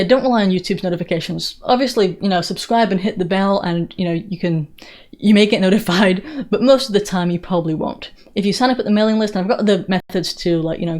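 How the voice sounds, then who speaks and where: A woman's voice: on the low side, darkish tone. A woman from England with a blended English and American Southern accent, doing live-stream political commentary with a sarcastic, mocking manner and frequent restarts. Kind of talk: live-stream commentary answering viewer questions.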